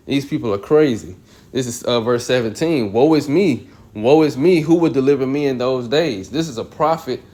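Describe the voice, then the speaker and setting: A man leading a casual Bible study, reading verses at a measured, deliberate pace. Between readings he drops into loose everyday slang to explain what they mean. His voice sits at an ordinary middle pitch. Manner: slow and deliberate when reading scripture. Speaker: Bible teacher. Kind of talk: casual scripture reading and commentary.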